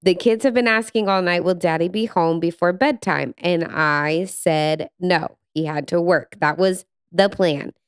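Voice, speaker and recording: A woman's voice: on the low side, unhurried, few pauses, clean tone, no room sound, studio quality. A woman co-hosting a podcast with her husband, telling a family story expressively in casual chat. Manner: expressive storyteller, laughs easily. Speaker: podcast co-host.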